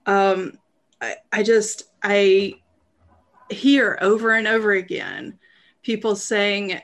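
Give me a slow, gravelly-voiced woman voice actor. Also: mid-range voice, fairly bright tone. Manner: thoughtful, hesitant, many fillers. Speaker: voice actor, podcast guest. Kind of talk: casual chat.

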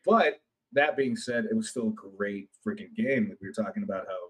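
A man co-hosting a gaming podcast in casual chat, rambling and excitable, swearing freely. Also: on the low side, fairly quick, slightly rough, low-quality recording. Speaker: podcast co-host.

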